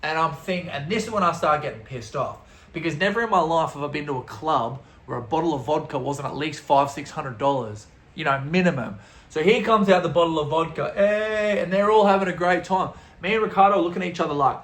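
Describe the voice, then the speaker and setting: A young Australian man telling a story in a casual, comedic way. His delivery is animated and crude, with frequent laughter. His voice sits fairly high and has a roomy echo. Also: fairly quick. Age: young adult.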